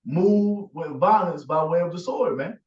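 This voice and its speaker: A man's voice: high-pitched, unhurried. Echoey, distant male preacher, emphatic. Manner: forceful, repeats "man" and "you see". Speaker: teacher. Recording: echoey, distant, dull sound.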